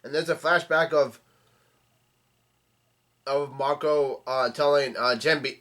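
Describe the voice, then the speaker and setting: A man hosting a comic reaction video, reading the chapter aloud in a casual, halting way with frequent restarts. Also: on the high side, fairly bright tone. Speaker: manga reaction channel host.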